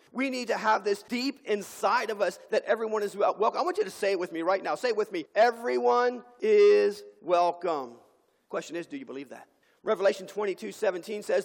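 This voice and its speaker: Gravelly high-voiced man preaching. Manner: impassioned preaching with dramatic pauses. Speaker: pastor. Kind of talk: sermon. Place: church sanctuary. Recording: long hall reverb.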